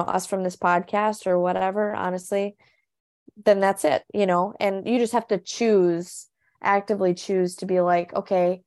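A woman's voice: mid-range voice, gravelly, darkish tone, no echo, studio quality. A young woman co-hosting a faith podcast, talking earnestly and casually with lots of fillers. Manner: earnest, chatty, lots of "you know" and "honestly". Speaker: podcast co-host, coach.

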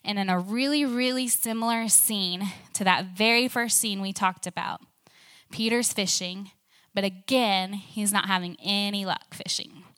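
A woman's voice: mid-range voice, fairly even intonation, unhurried, fairly bright tone, clean tone. A young woman giving a casual, conversational sermon, telling a story full of fillers and asides. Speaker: preacher.

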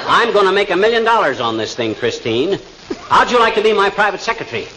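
An actor playing a boastful, blustering middle-aged male inventor, talking fast, in a 1940s radio comedy. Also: sits high, very animated, pushed and bright, heavily acted. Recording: hissy noisy 1940s radio broadcast.

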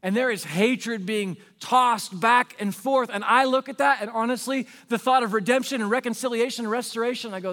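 A man's voice: very high voice, fairly quick, few pauses, a bit bright, big-room sound. A male pastor preaching a sermon in an earnest, pleading way, repeating rhetorical questions to the congregation.

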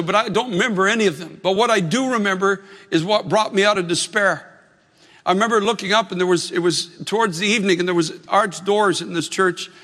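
A male pastor delivers an earnest sermon in a high, bright voice, building emphasis through repeated phrases. The sound rings with a long hall reverb, as in a church.

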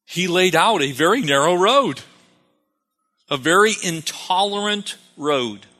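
A man's voice: high voice, lively intonation, measured pace, sharp tone. A man preaching a sermon as pastor, calling for amens and repeating phrases for emphasis. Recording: long reverb of a hall.

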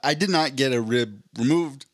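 A man's voice: mid-range voice, moderate pace, dry recording, clean studio sound. A man co-hosting a casual podcast, telling rambling, self-deprecating stories. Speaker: podcast co-host. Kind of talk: casual chat.

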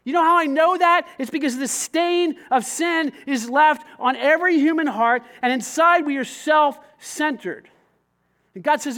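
A man delivers a sermon in a church, his voice pitched unusually high. He preaches in a lively, conversational way, dropping in casual slang as he talks to the congregation. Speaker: pastor.

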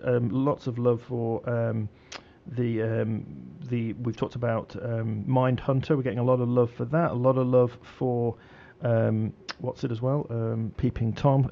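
A man's voice: medium pitch, creaky, dull audio. A man hosting a radio show, chatting casually with many fillers and restarts.

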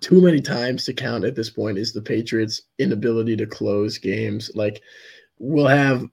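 A hoarse young man co-hosting a casual sports podcast, rambling and laughing often. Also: medium pitch, moderate pace, darkish tone. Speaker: podcast co-host.

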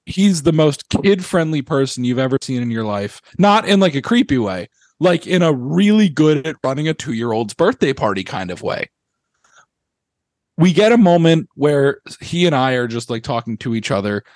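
A man's voice: fairly high pitch, very animated, moderate pace, darkish tone, dry recording, clean studio sound. Laughing young man telling a story. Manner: rambling storyteller, laughs often. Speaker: podcast co-host. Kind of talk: casual hockey chat.

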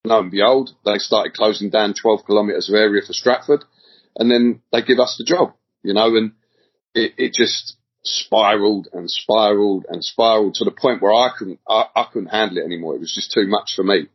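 A middle-aged Englishman guests on a podcast, telling stories in a rambling, slangy manner and often repeating words during this casual storytelling interview. His voice is lowish, fairly quick, and slightly rough, and the lo-fi audio sounds dull.

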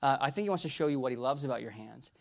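A man preaching, telling a story and acting out the people in it with lively jumps in his voice. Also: rapid-fire, vocal fry. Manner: animated storyteller, acts out quoted dialogue with big pitch jumps. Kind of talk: storytelling sermon.

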